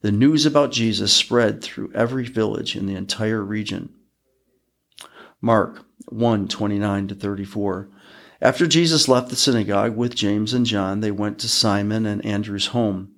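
A man hosting a podcast, reading Bible passages aloud in a measured, even way. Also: on the low side, gravelly. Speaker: podcast host reading scripture. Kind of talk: scripture reading.

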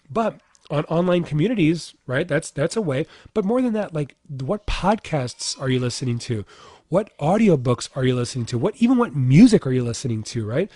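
A man's voice: on the high side, very animated, normal speed, a little mellow, breathy edge, dry recording, studio quality. A man in his thirties, a fitness coach for dads, giving a casual motivational talk, talking in a chatty way full of "like" and "right?".

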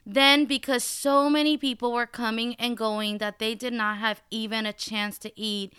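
A woman's voice: a little high, level tone, normal speed, sharp tone, clear, resonant tone, no room sound, studio quality. A woman co-hosting a faith podcast, heartfelt, reading scripture aloud and reflecting on it. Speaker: podcast co-host.

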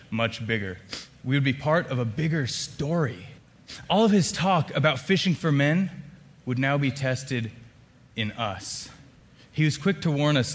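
A man telling a dramatic first-person story in an expressive, emphatic way with wry asides. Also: mid-range voice. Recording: long hall reverb.

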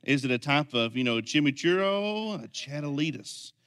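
A man preaching a sermon as pastor, swinging from quiet, intense lines to loud, energetic ones. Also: fairly high pitch, normal speed.

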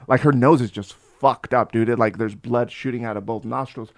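A man in his forties tells a wild story as a podcast guest, in a middle-pitched voice. He swears freely and jumps into the voices of the people in his tale, getting loud and worked up as the story builds. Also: a little fast. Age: 40s. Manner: animated, profane, acts out voices in his stories. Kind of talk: casual storytelling.

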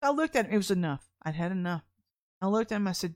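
A woman's voice: mid-range voice, expressive, fast talker, darkish tone. A woman preacher, telling a personal story in a candid, chatty sermon and laughing often. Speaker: deliverance minister.

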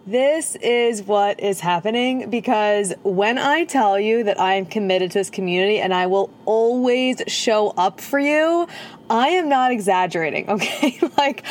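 A woman hosting a casual podcast from her car, talking in a bubbly, chatty way into a propped-up phone. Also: mid-range voice. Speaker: podcast host and holistic nutritionist. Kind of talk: casual chat. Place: inside a parked car at night.

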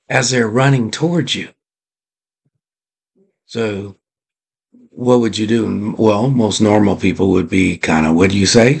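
A man hosting a motivational podcast, telling a story in a drawn-out, deliberate way and putting rhetorical questions to his listeners. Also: lowish voice, breathy edge. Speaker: podcast host.

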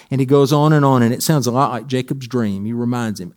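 A man's voice: medium pitch, fast, hardly any pauses, darkish tone. A male pastor giving a sermon in a conversational way, with wry humorous asides and phrases repeated for emphasis.

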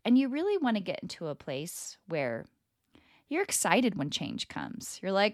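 A woman's voice: mid-range voice, huge pitch swings, moderate pace, no echo, studio quality. A woman hosting a motivational podcast, talking casually and animatedly and breaking into laughter easily. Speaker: podcast host.

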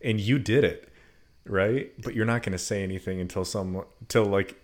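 A man in casual conversation about a Bible story, animated and quick to laugh. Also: on the low side. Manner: animated, acts out quotes with laughs.

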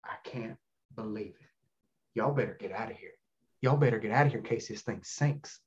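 A man's voice: fairly low pitch, a little fast, lo-fi sound, pitched below the performer's own voice, lightly acted. A man putting on a drawling Southern gent. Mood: alarmed. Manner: drawling, insistent questioning. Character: bewildered older Southern man passenger.

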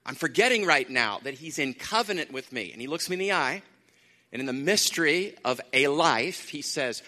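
A man preaching a sermon in a conversational way, repeating phrases for emphasis, with lively asides. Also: medium pitch, moderate pace. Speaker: pastor. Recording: long hall reverb.

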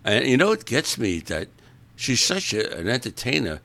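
A man's voice: mid-range voice, big pitch swings, normal speed, creaky, a bit bright, no echo. A man hosting a podcast, talking in a casual, rambling monologue, opinionated and grumbling. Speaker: podcast host.

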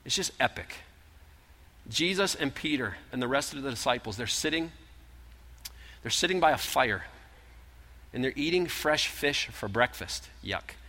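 A man preaching a sermon, retelling scripture in animated storytelling style and acting out the voices. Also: mid-range voice, a little slow, pauses often. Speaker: pastor. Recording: long hall reverb.

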